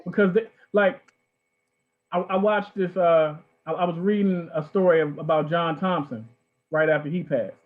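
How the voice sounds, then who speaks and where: A man's voice: on the high side, moderate pace. A man from Baltimore hosting a casual talk, telling stories with animation and acting out the people in them. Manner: animated, acts out quoted people. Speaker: host. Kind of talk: casual storytelling. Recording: tinny phone-like line.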